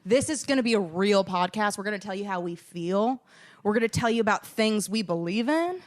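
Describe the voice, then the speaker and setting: A woman co-hosting a podcast in casual chat, teasing and quick to laugh. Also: medium pitch, lively intonation. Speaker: podcast co-host.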